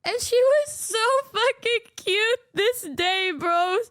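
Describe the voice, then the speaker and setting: Very high-voiced young woman telling a story. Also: slow pace, no echo, clean studio sound. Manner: animated, swears a lot, laughs often. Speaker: streamer. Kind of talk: casual storytelling.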